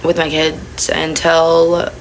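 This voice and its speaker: A woman's voice: low-pitched, monotone, slow, slight background noise, poor audio. A young woman in her twenties, talking through a rambling, emotional confession on a phone stream from home. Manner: rambling, emotional, many fillers. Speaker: livestreamer. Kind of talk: confessional casual talk.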